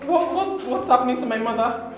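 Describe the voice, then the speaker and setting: A woman's voice: high-pitched, animated, fairly quick, reverberant, over loud music. An actress with a Nigerian accent playing a desperate young woman who pleads for her sick mother. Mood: pleading.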